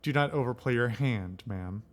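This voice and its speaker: A formal, cold male corporate executive who measures his words and makes quiet threats, read aloud by a man during a game. The reader keeps a mid-pitched voice. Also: moderate pace, close to an everyday voice. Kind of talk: reading game dialogue aloud.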